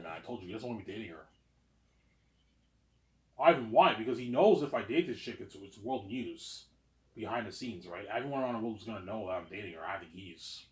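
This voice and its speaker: A man's voice: lowish voice, a little mellow, roomy sound. A young man rambling in a casual vlog monologue, repeating words and restarting his sentences often. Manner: repetitive, stammering restarts. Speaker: vlogger.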